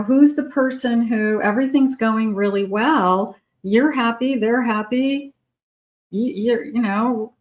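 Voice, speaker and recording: A middle-aged woman giving a channeled love tarot reading in a conversational way, now and then acting out imagined lines for the person in question. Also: medium pitch. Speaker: tarot reader.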